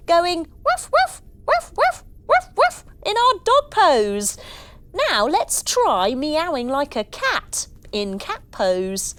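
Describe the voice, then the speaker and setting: A woman's voice: high voice, a bit bright. A woman guiding children through a yoga class in a playful, sing-song way. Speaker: kids yoga instructor.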